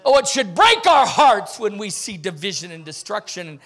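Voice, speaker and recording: A man preaching a Pentecostal sermon, theatrical and breaking into shouts. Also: high voice, sing-song, moderate pace.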